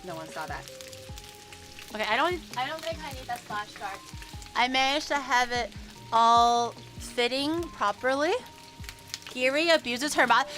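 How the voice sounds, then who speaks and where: A woman with a slightly high voice chats casually to her stream while cooking. She slips into playful mock outrage when chat teases her, and music plays steadily under her voice. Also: moderate pace. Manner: chatty, playfully indignant, bickering with chat.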